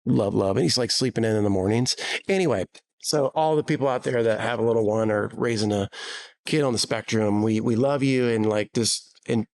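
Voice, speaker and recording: A man's voice: fairly low pitch, fairly quick. A man in his thirties hosting a casual chat show, telling stories with lots of restarts. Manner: animated storyteller with many restarts. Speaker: podcast host.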